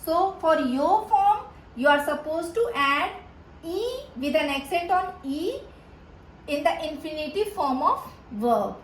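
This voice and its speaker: A woman's voice: high voice, expressive, a little slow. A woman tutoring a grammar lesson, repeating each word several times, with many fillers and restarts. Her first language is Hindi. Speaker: Spanish tutor. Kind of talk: slow, repetitive grammar lesson. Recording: echoey room with faint background noise.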